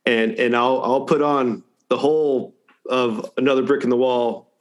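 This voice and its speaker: A man's voice: mid-range voice, fairly even intonation, normal speed. A man in casual chat, wry in tone, often repeating his first words before a sentence gets going. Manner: stammering repetitions, wry.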